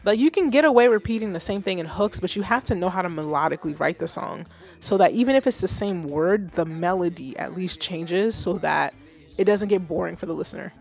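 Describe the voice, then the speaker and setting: A woman of Haitian background hosting a live music feedback stream, blunt and animated, swearing freely. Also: on the low side, a little fast, creaky. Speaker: livestream host reviewing music. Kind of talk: casual livestream commentary.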